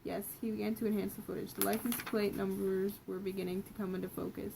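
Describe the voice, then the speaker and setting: A young woman reads one of her old stories out loud in a relaxed, offhand way, stumbling and fixing words as she goes. Her voice sits at an ordinary middle pitch. A faint hiss runs underneath. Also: fast talker, gravelly. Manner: self-correcting, laughs at her own writing. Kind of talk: casual reading aloud of a story.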